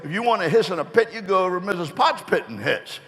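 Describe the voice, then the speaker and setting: A man playing a shrill, scolding mother python. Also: lively intonation, fast, a bit bright, long reverb tail.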